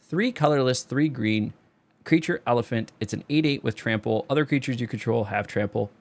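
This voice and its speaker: Man, young adult, mid pitch, casual rambling card commentary, hoarse voice. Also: moderate pace. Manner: loose, rambling, sings a repeated catchphrase. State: voice going hoarse. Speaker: card game video creator.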